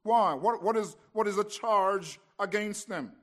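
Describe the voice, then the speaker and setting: A man with a notably high voice delivers an expository sermon. He tells it as a story, dropping to hushed lines and then pressing hard on key words. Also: unhurried. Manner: dramatic storytelling, swings from hushed to emphatic. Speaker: preacher.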